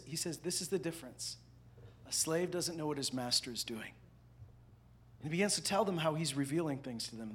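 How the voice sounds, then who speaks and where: A man preaching a sermon, animated, swinging between loud emphatic lines and hushed asides. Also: a little high, breathy edge. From parents from the American South. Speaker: pastor.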